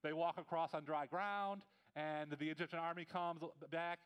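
Clear-voiced male pastor telling a story. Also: on the high side, steady tone, normal speed, low-quality recording. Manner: conversational storytelling with voiced asides and restarts. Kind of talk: sermon.

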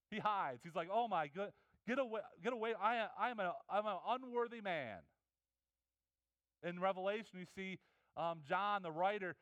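A man's voice: high-pitched, fairly bright tone, clean tone, dry recording. A man preaching a conversational sermon, earnest and personal, often restarting his words. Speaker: pastor.

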